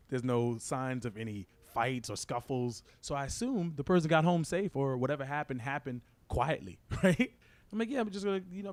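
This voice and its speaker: A man's voice: mid-range voice, no room sound. A young man doing a crude stand-up comedy routine, telling a story and tossing "right?" to the crowd. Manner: fast, crude storytelling with frequent "right?" asides.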